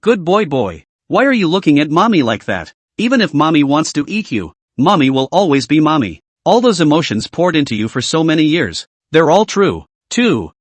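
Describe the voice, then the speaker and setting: A man's voice: a little high, sing-song, normal speed, hardly any pauses, dry recording. A man voicing a ghost mother who dotes on and mocks her son, in a cooing manner, as part of a recap reading. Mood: pleading. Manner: cooing, doting, mocking. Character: sweetly menacing ghost mother, woman.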